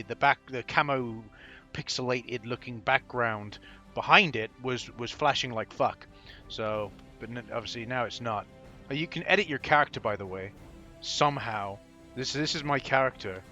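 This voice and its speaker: A man's voice: medium pitch, normal speed, pushed and bright, faint music behind. A man giving casual, profane and sarcastic commentary while playing a video game, with frequent laughing asides. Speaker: gameplay commentator. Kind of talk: casual let's-play commentary.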